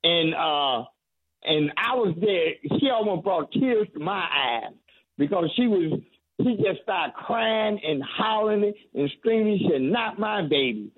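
A reverend speaking as a guest on call-in radio, earnest and halting, often restarting his sentences. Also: high voice, animated. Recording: tinny phone line.

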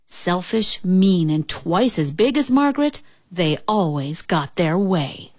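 A woman reads a children's storybook aloud, expressive and lively. Her voice sits a little low but leaps around with lots of movement. The recording is close and dry. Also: a little slow, no echo.

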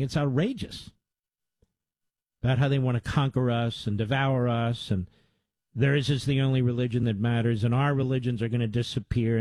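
A man's voice: mid-range voice, a little mellow, dry recording, low-quality recording. A man hosting a radio talk show, delivering emphatic commentary that builds with repeated lists. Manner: emphatic, repetitive lists, rising to urgent. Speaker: radio host.

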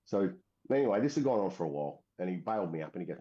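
A man's voice: sits low, very animated, rapid-fire, warm tone. An Australian man from Western Australia, a middle-aged military veteran telling his story in a casual, rambling way with many fillers and restarts. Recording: dull lo-fi recording.

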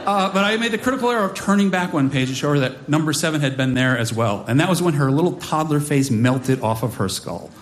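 A man in his forties tells a personal story live on stage, wry and animated. His voice sits a little high for a man and swoops widely as he leans into mock-dramatic asides. A faint ambient noise hangs beneath him. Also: fast talker, hardly any pauses. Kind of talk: live comic storytelling to an audience.

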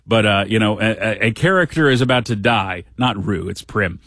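A man's voice: on the low side, normal speed, a bit bright, no room sound. A middle-aged man hosting a radio show, telling a story in a casual, chatty way with dry humor. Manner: chatty, dry humor, acts out quotes in voices. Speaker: radio host. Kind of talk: casual monologue.

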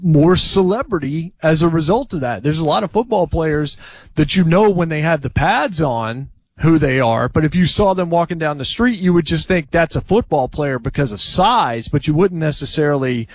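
A man's voice: on the high side, expressive, normal speed, no room sound, poor audio. Dry, teasing male sports host. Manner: dry, teasing, wry questioning. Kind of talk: casual sports talk banter.

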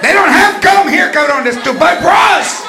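A man's voice: sits high, expressive, normal speed, over a noisy crowd, heavy background noise. Man playing a strict scolding grandmother. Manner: scolding, threatening, mixing Spanish slang into English. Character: strict, short-tempered grandmother scolding a young boy. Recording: live club, loud audience laughter.

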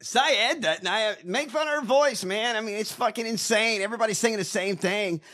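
A man's voice: sits high, moderate pace, bright, forceful tone. A man hosting a casual chat, brash, profane and mocking. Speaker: podcast host.

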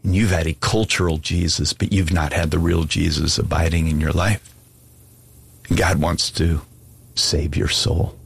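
Deep, husky-voiced preacher making an altar call. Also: male voice, dry recording. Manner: earnest, pleading, conversational preaching. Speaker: pastor.

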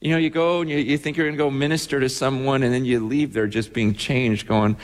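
A male pastor telling a story in a sermon, acting out the people he quotes with lively jumps in his voice. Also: fairly quick, hardly any pauses. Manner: animated, acts out quotes with big pitch jumps. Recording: long reverb of a large hall.

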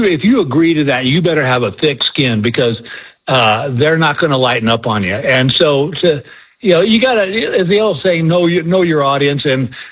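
A man's voice: fairly high pitch, a bit bright, husky, lo-fi sound. A man, a guest comedian, telling folksy, self-deprecating stories in a radio interview.

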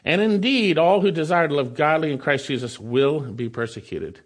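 A male pastor delivers an expository sermon in a somewhat high voice. He reads scripture aloud and then breaks in with quick rhetorical questions to his listeners.

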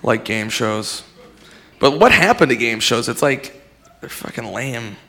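A man's voice: medium pitch, expressive, a little slow, pushed and bright. A man doing a stand-up set, rambling loosely and swearing often. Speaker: stand-up comedian.

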